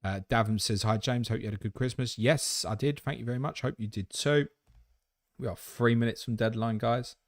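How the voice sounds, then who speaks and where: A man's voice: medium pitch, fairly quick, no echo, studio quality. A man hosting a live question-and-answer stream, talking in blunt, matey banter with some swearing. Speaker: host.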